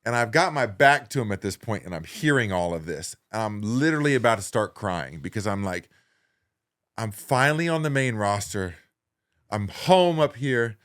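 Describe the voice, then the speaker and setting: A man in his forties, a guest on an interview show, telling a story in a lively way that swings between loud excited bursts and quiet low asides. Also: moderate pace. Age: 40s. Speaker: guest, professional wrestler.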